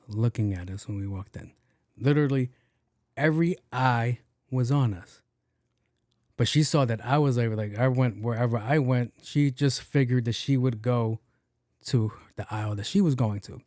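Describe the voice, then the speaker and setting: Male podcast host, casual profane storyteller, mid pitch, dead-dry sound. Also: moderate pace, no echo. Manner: animated, profane, acts out dialogue.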